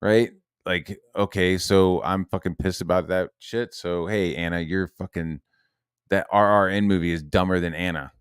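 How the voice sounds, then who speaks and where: A man's voice: low voice, fairly even intonation, normal speed, clean tone, no room sound, studio quality. A man ranting in a heated, profane and sarcastic monologue. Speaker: online commentator.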